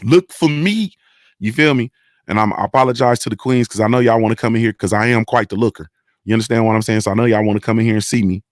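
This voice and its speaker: In studio-quality audio with no echo, a young man with a lowish voice hosts a livestream at a quick pace, reading from chat. He repeats himself emphatically, swears, and keeps checking whether viewers "understand."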